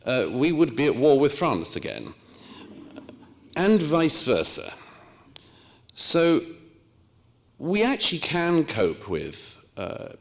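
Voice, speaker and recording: A man from Britain giving a measured, storytelling lecture with quoted asides. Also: medium pitch, big-room sound. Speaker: speaker. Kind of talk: lecture talk.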